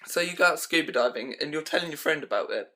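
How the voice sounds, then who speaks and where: A fast-talking young man with a fairly high, bright, forceful, and expressive voice rants about pet peeves for his vlog. He rambles casually with lots of "um" and "like," recorded on a handheld camera at home.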